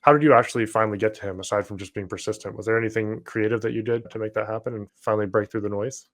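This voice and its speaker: A man hosts a podcast interview, his voice on the low side. He asks questions in an upbeat, encouraging way. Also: fairly even intonation, very fast. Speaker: podcast host.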